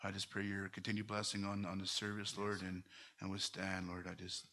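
A man's voice: low voice, monotone, brisk, sharp tone. A man in a church, giving a short exhortation and then praying fervently, calling on the Lord again and again. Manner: fervent, repeats "Lord" often. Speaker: church member giving a word. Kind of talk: exhortation and spoken prayer. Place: church sanctuary.

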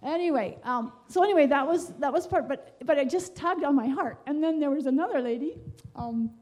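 A woman shares a heartfelt testimony in a rambling, unscripted way, circling back with fillers and restarts. Her voice sits a little high but sounds soft and mellow. She speaks earnestly about wanting to help others. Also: brisk. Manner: meandering, many fillers and restarts. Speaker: church speaker sharing a devotion.

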